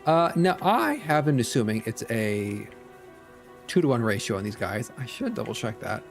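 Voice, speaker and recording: A man's voice: mid-range voice, very animated, moderate pace, faint music behind. A man streaming a factory-building game, muttering to himself with playful asides. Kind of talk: casual gameplay commentary.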